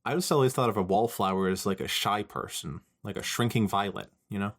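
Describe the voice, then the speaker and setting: A man co-hosting a podcast, chatting casually in an animated, rambling way. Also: on the low side, brisk. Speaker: podcast co-host. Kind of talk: casual chat.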